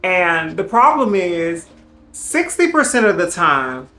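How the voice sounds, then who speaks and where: A woman's voice: fairly low pitch, very animated, slow, bright, forceful tone, roomy sound. A woman vlogger chatting casually and sassily to her viewers at home while packing up to move, calling them girl and child.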